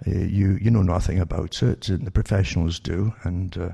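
A man's voice: deep voice, steady tone, normal speed, creaky, mellow, breathy edge, highs cut off. A man giving rambling commentary to his listeners, with many restarts and rhetorical questions. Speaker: online commentator reading news articles.

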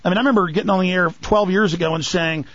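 A man with a high voice talks fast and heatedly on a radio show, sarcastic and mocking. The sound is dry and a little dull, like lo-fi broadcast audio. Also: fairly even intonation, a bit bright, no echo. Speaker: radio talk show host.

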